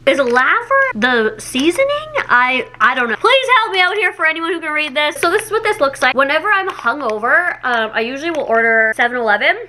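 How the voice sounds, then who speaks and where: A woman's voice: high-pitched, animated, a little fast, few pauses, bright, forceful tone, slight background noise. A young woman from Canada chatting casually through a snack taste test, giggly and self-mocking. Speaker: YouTuber doing a taste test.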